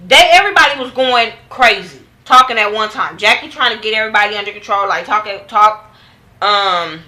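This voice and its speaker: Young woman, vlogger recap, bright and forceful, loose and profane. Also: medium pitch, fairly quick, low-quality recording. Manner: animated, profane, acts out quotes of others. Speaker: TV show reviewer. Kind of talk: casual recap vlog.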